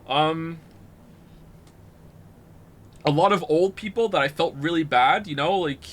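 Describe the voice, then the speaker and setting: A man's voice: a little high, unhurried. A man from Canada hosting a gaming stream, telling rambling, profane stories in casual chat. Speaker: streamer host.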